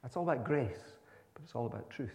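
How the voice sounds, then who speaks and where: Male minister, conversational sermon delivery, mid-pitched, long church reverb. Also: lively intonation, quick pace, creaky, darkish tone. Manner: conversational, explaining with asides.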